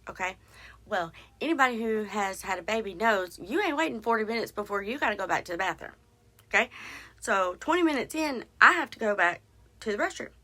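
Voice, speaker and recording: A woman, hosting a podcast and telling a story in a casual, animated way. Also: mid-range voice. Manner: animated, chatty, addresses listeners as y'all. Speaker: podcast host.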